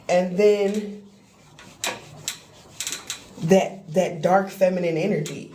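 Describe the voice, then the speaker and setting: A woman's voice: medium pitch, unhurried, slight background noise. Chatty woman doing a live tarot reading. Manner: animated and playful, talking to viewers. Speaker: tarot reader. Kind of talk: live-stream spiritual reading chat.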